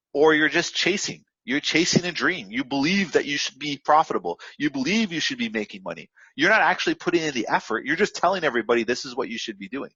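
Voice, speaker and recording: A man's voice: fairly high pitch, a bit bright, slightly rough, dry recording, muffled recording. Rambling man giving a trading pep talk. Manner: rambling, filler-heavy, repetitive, instructive. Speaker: forex trading coach. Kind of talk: casual motivational talk.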